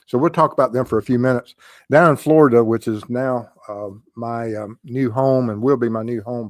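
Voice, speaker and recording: A man's voice: medium pitch, no room sound, clean studio sound. An older man hosting a casual true crime livestream, rambling with many ums and uhs as he greets viewers in the chat.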